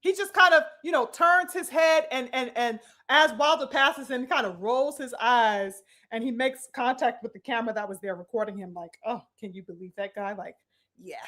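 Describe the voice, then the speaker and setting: Woman live-stream boxing commentator, high bright voice, animated and profane. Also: moderate pace, few pauses. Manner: animated, profane, addresses viewers as brothers and sisters.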